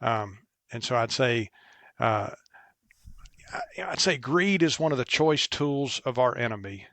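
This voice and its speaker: A man with an average-pitched voice speaks as a guest. He talks in an earnest, measured way. The recording is dry and close. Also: expressive, fairly bright tone, dry recording. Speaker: guest, business owner. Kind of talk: casual conversation.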